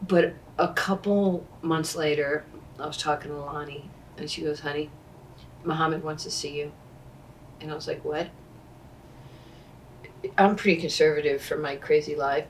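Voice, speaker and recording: A woman in her sixties, an interview guest telling personal stories in an animated way and acting out what people said. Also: low-pitched, slight background noise. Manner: animated, acts out quoted speech. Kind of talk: conversational storytelling. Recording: distant mic, faint ambience.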